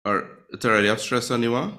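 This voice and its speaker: A man's voice: medium pitch, fast, sharp tone. A man teaching Spanish grammar to a class, quizzing students and often checking in with "right?". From Trinidad and Tobago.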